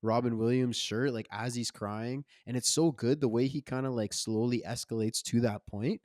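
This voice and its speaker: A man's voice: medium pitch, steady tone, moderate pace, a little mellow, no room sound, studio quality. A man co-hosting a podcast, talking casually and with energy about a film, using loose slang. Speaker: podcast co-host.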